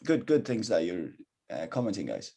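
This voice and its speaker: Guy teaching mandarin over a video call, slightly husky voice, upbeat coaching, flips between english and chinese. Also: fairly low pitch, wildly swooping pitch, normal speed, dark tone. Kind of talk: live online language lesson.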